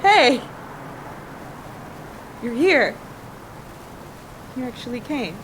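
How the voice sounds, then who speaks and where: A woman's voice: a little high, big pitch swings, very slow, fairly bright tone, exaggerated voice. An acting student performing a heartfelt monologue as a young woman fondly recalling her childhood best friend. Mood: wistful. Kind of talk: rehearsed dramatic monologue. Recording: noisy background hum.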